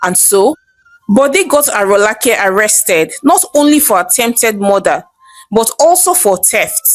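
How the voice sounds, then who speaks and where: A woman with a Nigerian accent narrating a folktale in a lively, chatty way. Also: medium pitch, a little slow, dry recording, soft background music. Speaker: storyteller. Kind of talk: storytelling narration.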